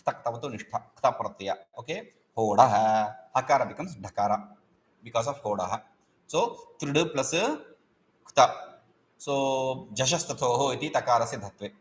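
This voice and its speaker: A man's voice: mid-range voice, lively intonation, moderate pace. Patient man teaching grammar. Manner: explains patiently, repeats terms, checks understanding with "okay?". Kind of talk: explanatory lecture.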